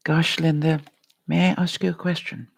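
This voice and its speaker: A woman's voice: deep voice, level tone, moderate pace, creaky, dry recording. A woman vlogger giving an earnest, encouraging live-stream pep talk and calling viewers by name. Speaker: life coach vlogger.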